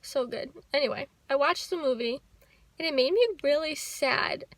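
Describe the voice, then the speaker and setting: A young woman talking to the camera in a personal vlog, soft, heartfelt and reflective. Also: high voice, moderate pace, no room sound. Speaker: vlogger. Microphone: handheld camera.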